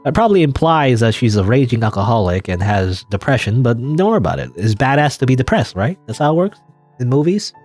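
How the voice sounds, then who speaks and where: A man's voice: medium pitch, sing-song, fast, darkish tone. A man casually commenting on a video game as he plays, rambling and hedging with chuckling asides. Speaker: let's play gamer.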